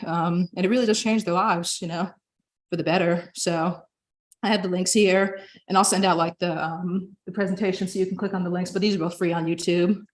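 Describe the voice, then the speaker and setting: Chatty young woman with a low voice. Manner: chatty, frequent filler words. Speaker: presenter. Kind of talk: casual presentation.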